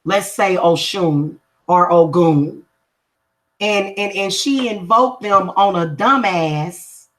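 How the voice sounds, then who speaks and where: Her voice is lowish and her pace slow as she talks casually to viewers on a livestream. She practices spiritual work as a reader and spellcaster, and her delivery is confrontational and emphatic, with points repeated for emphasis.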